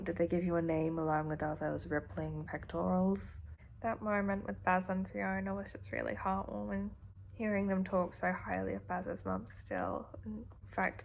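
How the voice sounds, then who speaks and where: A woman, chatting expressively and with sarcastic asides while reacting to a book on her reading vlog. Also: medium pitch. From Australia. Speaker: book vlogger.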